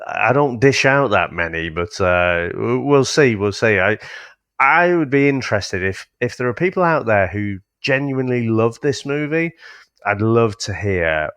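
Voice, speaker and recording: A man co-hosting a casual film review podcast, measured and wry, often laughing at his own points. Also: mid-range voice, animated, a bit bright, smooth, no room sound. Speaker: podcast co-host reviewing films.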